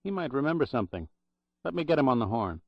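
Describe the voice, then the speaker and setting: A man's voice: medium pitch, big pitch swings, quick pace, no room sound, voice pushed up. A man voicing a slangy, jaunty young records clerk in an audiobook, on a dull, dry recording. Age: young adult.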